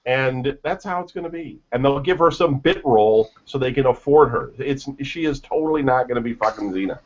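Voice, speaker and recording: A man's voice: mid-range voice, fairly quick, hardly any pauses. A man co-hosting a casual gaming news radio show, ranting with strong opinions and frequent swearing. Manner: opinionated, swearing, animated rants. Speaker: podcast co-host. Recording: lo-fi muffled audio.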